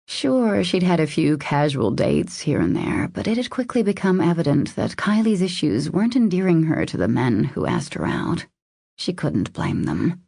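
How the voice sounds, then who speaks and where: A woman with a low, dark voice narrating a romance audiobook in a measured, intimate way. Her tone has gravelly fry and a husky, breathy grain. The recording is dry and close. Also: dry recording.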